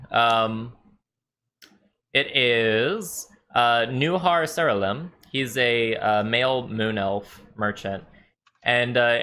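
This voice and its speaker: A man's voice: mid-range voice, bright, forceful tone. A man narrating a tabletop game as game master, loose and rambling with many fillers.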